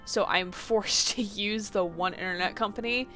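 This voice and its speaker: Bright-voiced woman streamer. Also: medium pitch. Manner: chatty, laughs often, quick asides. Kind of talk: casual game stream chat. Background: faint game music.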